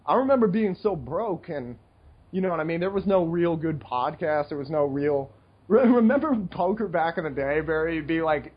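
A man hosting a podcast, chatting casually in an excitable, rambling way with frequent laughs. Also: a little high, moderate pace, husky, muffled recording. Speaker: podcast host. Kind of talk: casual chat.

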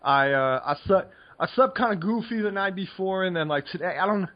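American male podcast co-host, higher pitch, tired and loose, slightly dull lo-fi sound. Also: expressive, a little fast. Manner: rambling, filler-heavy, laid-back. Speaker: podcast co-host, poker coach. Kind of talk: casual podcast chat.

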